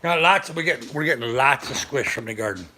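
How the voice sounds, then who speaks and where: A man's voice: medium pitch, expressive, a little fast, bright, forceful tone, slight background noise. An older man hosting a casual live stream, rambling and chatty as he greets viewers by name. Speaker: livestream host.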